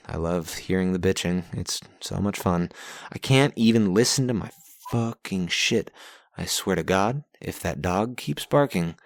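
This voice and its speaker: A man's voice: low-pitched, dry recording, studio quality. A young man hosting a podcast from home on a pop-filtered mic, recapping his journal week in a casual, sarcastic, profane way and getting easily exasperated. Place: home recording setup.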